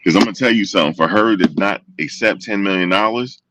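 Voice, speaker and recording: Deep-voiced man talking casually. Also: quick pace, distant mic, slight background noise. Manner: animated, repetitive storytelling with quoted voices. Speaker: show host. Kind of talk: casual commentary to viewers.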